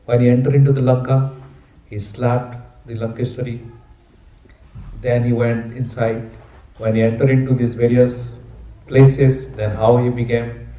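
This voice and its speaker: Preacher in an echoey hall. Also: male voice, medium pitch, unhurried, pauses often. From India. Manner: animated, conversational. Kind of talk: storytelling sermon. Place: roomy temple hall.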